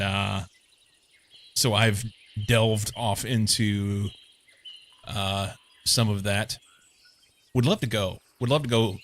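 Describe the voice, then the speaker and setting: Young male streamer from Missouri; crisp, bright tone, a touch low, meandering chatty delivery. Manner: rambling, meandering, many fillers. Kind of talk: casual chat while playing a game.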